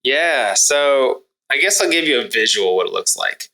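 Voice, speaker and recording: Guest: thirties man, bright forceful tone, reflective parenting coach, casual podcast talk. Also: medium pitch, lively intonation, moderate pace, rough recording. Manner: earnest and reflective, with self-corrections. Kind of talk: conversational podcast interview.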